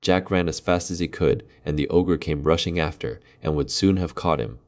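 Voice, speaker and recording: A man reading a fairy tale aloud in measured, dramatic storybook narration. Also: a bass voice, expressive, darkish tone.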